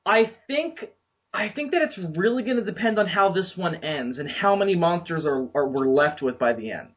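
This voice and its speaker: Hesitant high-voiced man hosting a podcast. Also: expressive, normal speed. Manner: hesitant, filler-heavy. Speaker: podcast host. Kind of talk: casual podcast chat. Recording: muffled lo-fi recording.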